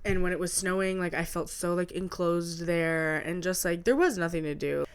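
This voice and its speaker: A woman's voice: fairly low pitch, moderate pace, smooth. A woman in her twenties co-hosting a podcast, telling her story hesitantly with many fillers. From Canada. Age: 20s. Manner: hesitant, many likes and ums, laughs while recounting. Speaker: podcast co-host. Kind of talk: casual chat.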